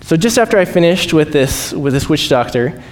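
A man preaching as a missionary, telling stories with lively acted-out voices and frequent laughs. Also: moderate pace. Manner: animated, acts out quoted voices, laughs often. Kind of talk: storytelling sermon. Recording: echoey hall, faint rumble.

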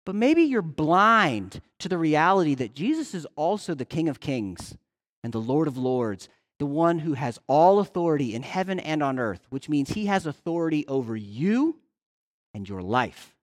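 Guy preaching a sermon, super lively up and down voice, chatty, keeps asking right?. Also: on the high side, normal speed. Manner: conversational, with frequent "right?" check-ins; animated, swings between loud and hushed. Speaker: pastor.

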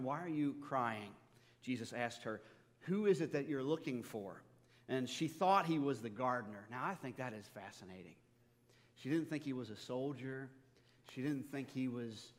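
In a reverberant church sanctuary, a pastor with a medium-pitched voice delivers a sermon. His style is conversational and animated, telling stories laced with humor.

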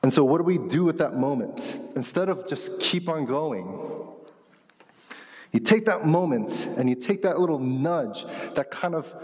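A man preaching a conversational sermon as pastor, teaching with casual asides and lively emphasis. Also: on the high side, measured pace. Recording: long hall reverb.

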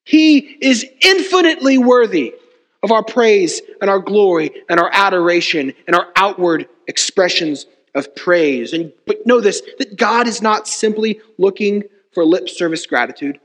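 A man's voice: high-pitched, moderate pace, hardly any pauses, a bit bright. A man preaching a sermon as pastor, emphatic and full of rhetorical repetition. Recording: long reverb of a church hall.

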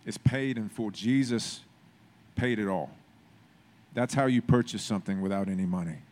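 A man's voice: lowish voice, normal speed, darkish tone. A man preaching a sermon in a conversational way, building to emphatic, repeated phrases. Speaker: pastor.

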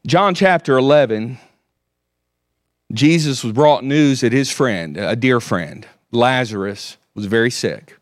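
A man's voice: mid-range voice, measured pace, no room sound, studio quality. A man preaching a sermon, earnestly quoting scripture. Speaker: pastor.

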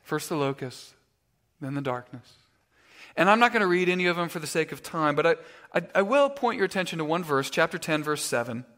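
Stammering, chatty pastor in a reverberant hall. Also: male voice, a little high, a little fast. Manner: conversational, stammering restarts, animated storytelling. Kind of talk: sermon. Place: church sanctuary.

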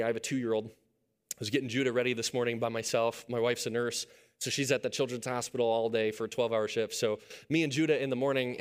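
A male pastor in his thirties delivers a sermon with a storyteller's touch. He sinks to quiet, earnest lines, then climbs into animated, louder passages when recounting everyday moments. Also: medium pitch, clean tone. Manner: storytelling, swings from hushed to loud and excited.

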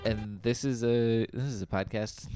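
A man's voice: lowish voice, steady tone, unhurried, mellow, faint music behind. A young man co-hosting a casual podcast, teasing his co-host and laughing often.

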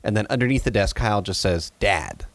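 A man's voice: fairly low pitch, fast, dry recording. A man co-hosting a podcast, chatting casually while recapping a movie scene, with dry humor and frequent restarts. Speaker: podcast co-host.

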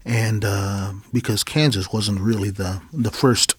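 A male interviewer with a husky voice, recorded dry and close. He pieces his question together slowly, restarting and repeating phrases as he goes. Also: lowish voice, steady tone, dry recording. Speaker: interviewer, host.

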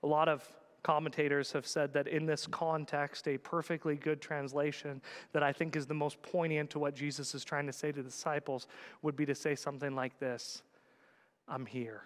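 A man preaching a sermon as a pastor, swinging between loud urgent calls and hushed quiet words. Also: on the high side, flat delivery, a little fast, big-room sound.

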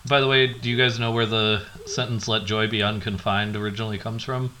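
A man's voice: fairly low pitch, steady tone, fairly quick, sharp tone, a little hiss or hum. A man in a casual book discussion, sharing a bit of trivia.

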